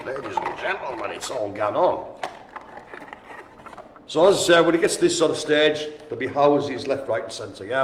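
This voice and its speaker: A man's voice: a little high, a little hiss or hum. A man calling a live-streamed bingo game in an indoor room with a small audience, chatty and teasing. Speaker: bingo caller. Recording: echoey room.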